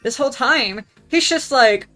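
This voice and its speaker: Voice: high-pitched, animated, a little slow, fairly bright tone, soft background music. A young adult vlogger telling a story in a casual, profane, rambling rant that keeps losing its thread. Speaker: gaming vlogger.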